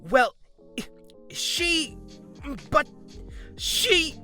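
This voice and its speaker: A man's voice: mid-range voice, expressive, a little fast, sharp tone, soft background music. A man voicing a furious, entitled middle-aged woman shopper who screams indignantly. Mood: stammering. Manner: shrieking, indignant.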